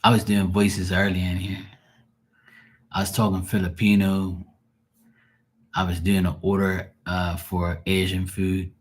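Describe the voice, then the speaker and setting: A low, breathy male voice with a Bermudian accent speaks slowly and flatly, leaving long pauses. He's a tarot reader and streamer chatting casually on a livestream, rambling, swearing freely and laughing often.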